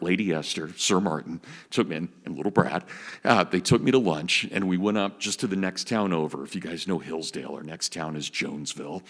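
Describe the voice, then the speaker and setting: Man in his fifties, very low husky voice, eager storytelling lecturer, reverberant auditorium. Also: a bit bright. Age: 50s. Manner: enthusiastic storyteller. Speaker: guest lecturer. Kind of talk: public lecture with anecdotes.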